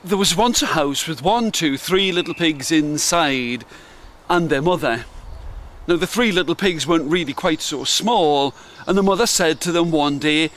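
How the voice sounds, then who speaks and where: An older man, a grandparent, reading traditional tales aloud as bedtime stories in a soft, animated way. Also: fairly high pitch, unhurried, a little hiss or hum. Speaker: grandparent storyteller. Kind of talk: bedtime storytelling.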